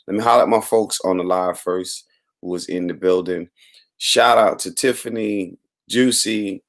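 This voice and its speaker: A man hosting a casual livestream morning show, his voice hoarse and worn out, talking in a rambling, upbeat way and greeting viewers by name. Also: on the low side. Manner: rambling, upbeat, giving shout-outs to viewers. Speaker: host.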